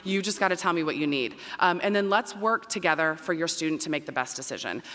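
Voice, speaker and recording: Loud, fast-talking woman dean in a hall. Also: low voice. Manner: loud, emphatic and energetic. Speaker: dean of students. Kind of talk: welcome speech to families. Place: large performing arts auditorium. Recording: long reverb in a big hall.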